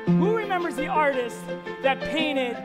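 An American man with an extremely high-pitched voice and lively intonation speaks a little slowly as he performs a playful family magic show. On a concert hall stage with music playing, he leads the audience in call-and-response through his kids' show patter.

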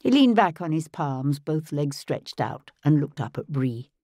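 A woman narrating an audiobook in first person, in a measured, composed manner, on a close studio microphone. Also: deep voice, sing-song, warm tone, no room sound. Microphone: close studio mic.

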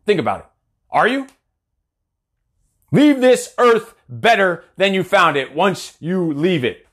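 A man's voice: sits high, very animated, takes it slowly, fairly bright tone. A man in his forties, a coach giving a blunt, profane, fired-up motivational talk. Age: 40s. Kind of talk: motivational monologue.

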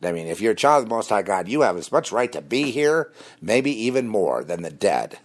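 A man hosting a rambling, combative monologue, dropping low and quiet when he confides. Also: big pitch swings, fairly quick. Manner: rambling and combative, mocking laughs. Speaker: host. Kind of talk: spoken monologue on religion and conspiracy.

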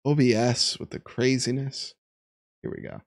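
A man's voice: mid-range voice, moderate pace, creaky, no echo, clean studio sound. A young man streaming live, chatting casually and laughing as he ranks fruits and reads chat. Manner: chatty and laughing, animated, reading chat aloud.

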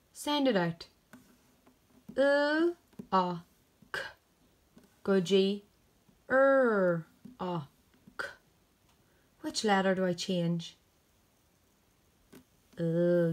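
A woman's voice: on the high side, slow, pauses often. A woman teacher, sounding out letters one by one in a phonics lesson for children.

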